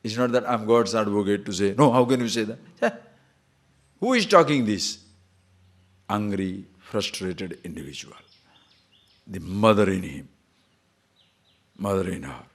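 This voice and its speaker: Husky and fairly low-pitched, this male spiritual teacher delivers a chatty scripture lecture. Rhetorical questions come up often, and he chants the verses slowly.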